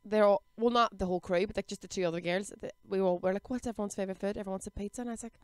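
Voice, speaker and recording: NI woman comedian, 30s; chatty storyteller, clear higher voice, dry close mic. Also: steady tone, rapid-fire, no echo. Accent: Northern Irish. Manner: chatty, quotes people in put-on voices, laughs often. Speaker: podcast guest, comedian. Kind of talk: casual chat.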